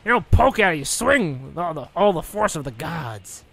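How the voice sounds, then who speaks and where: A high, lively young man gives jokey commentary over a video game, his voice gravelly and sharp. He keeps breaking into mock announcer shouts. The recording is dry and close, with faint game music underneath. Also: moderate pace. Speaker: let's play gamer.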